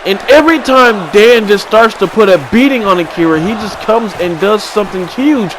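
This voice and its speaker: A man giving excited play-by-play commentary on a video game wrestling match, swinging from low mutters to sudden shouts. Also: moderate pace. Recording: crowd and game noise behind.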